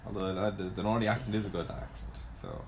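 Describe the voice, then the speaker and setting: A man co-hosting a podcast, blunt and deadpan in casual chat. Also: fairly low pitch, fast talker, slight background noise, rough recording. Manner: dry, blunt, deadpan put-downs. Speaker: podcast co-host. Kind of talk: casual chat about fantasy sports.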